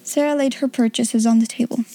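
A woman's voice: fairly high pitch, fairly even intonation, fairly quick, warm tone. A woman hosting an audiobook podcast, chatting casually and reading a children's novel aloud. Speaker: audiobook podcast host and reader.

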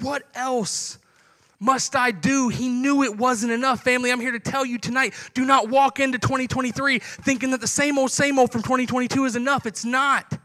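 A man's voice: extremely high pitch, bright, forceful tone. A young man preaching a sermon to his congregation in a conversational way, acting out little dialogues.

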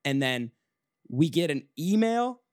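A man's voice: fairly high pitch, very animated, takes it slowly, darkish tone, no echo, studio quality. A young man hosting a podcast, telling a long story in a casual chat with lots of swearing and restarts. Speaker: podcast host.

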